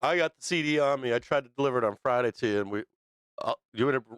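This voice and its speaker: Swearing man with smooth dry voice. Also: medium pitch, fairly bright tone, no echo. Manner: heavy swearing, halting with many fillers. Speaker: livestream show host. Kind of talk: unscripted livestream talk.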